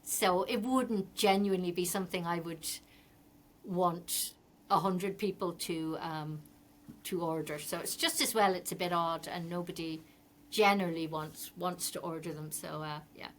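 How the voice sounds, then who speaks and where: A woman's voice: on the low side, fairly even intonation, measured pace, a little hiss or hum. A middle-aged Irish woman, a fashion designer, chatting as a podcast guest and telling rambling stories with many ums. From Ireland. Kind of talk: casual interview chat.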